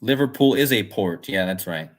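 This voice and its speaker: A man's voice: fairly low pitch, expressive, moderate pace. A man hosting a casual livestream, rambling and musing aloud as he reads chat comments. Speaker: livestream host.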